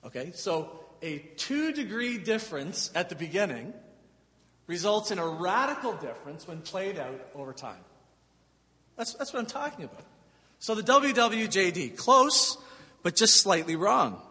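A man's voice: high voice, very animated, measured pace, sharp tone. A man preaching a sermon as pastor, emphatic and conversational, asking the congregation rhetorical questions. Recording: long hall reverb.

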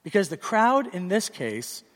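A man's voice: high-pitched, big pitch swings, a little slow, fairly bright tone. A middle-aged man preaching a sermon as pastor, earnest and direct, telling stories with animation. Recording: reverberant hall sound.

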